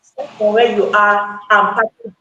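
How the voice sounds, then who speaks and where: A woman speaking excitedly on a live call, sharing a testimonial, repeating her points for emphasis and laughing often. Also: mid-range voice, moderate pace, dull audio. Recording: echoey room with faint background noise.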